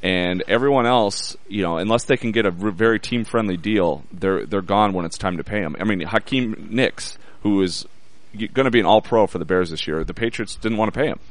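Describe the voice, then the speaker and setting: Low-voiced man explaining football. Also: fairly quick, no room sound. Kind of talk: casual sports chat.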